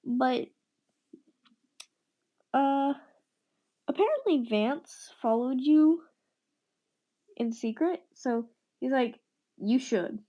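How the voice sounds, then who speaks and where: A woman's voice: high voice, animated, very slow, pauses often, dark tone. A young woman casually improvising a fan story, rambling and stumbling with many fillers and some whispered asides. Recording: dull lo-fi recording.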